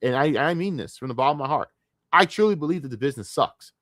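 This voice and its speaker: A man's voice: medium pitch, lively intonation, fast talker, a bit bright, no echo, clean studio sound. A man from the United States ranting on a casual livestream, frustrated and profane, rambling with many restarts. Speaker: streamer.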